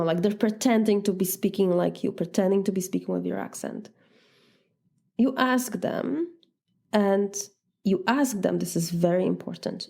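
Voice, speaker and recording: A woman's voice: medium pitch, creaky, warm tone. A woman with a Polish accent, a native Polish speaker, giving earnest, direct coaching advice in a podcast talk. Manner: earnest, direct, acts out sample dialogues. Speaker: life coach.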